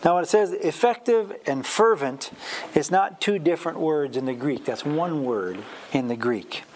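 Guy teaching bible verses, kinda high voice, rambly and chatty, pokes fun at himself. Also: animated, moderate pace, slight background noise. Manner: chatty and self-deprecating, with light chuckles and many fillers.

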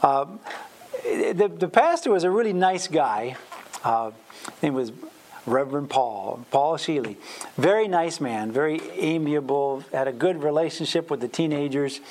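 A man's voice: fairly high pitch, lively intonation, unhurried, a little mellow, slight background noise. A man giving a conversational Bible teaching, chatty and self-deprecating, with plenty of fillers.

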